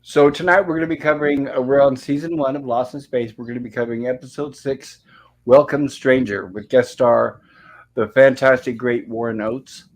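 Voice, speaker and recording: A man's voice: mid-range voice, steady tone, normal speed. A man hosting a live-streamed review show, greeting viewers and reading chat messages aloud in a friendly, rambling way. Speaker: podcast host.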